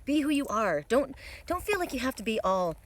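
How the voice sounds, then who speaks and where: A rambling, chatty woman in her fifties talks through a card reading outdoors in the mountains. Her pitch swings widely as she chats. Clear wind noise sits behind her voice. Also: big pitch swings, fairly quick. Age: 50s. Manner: chatty, rambling, lots of repeats and laughs. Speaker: oracle card reader. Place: outdoors in windy mountain forest.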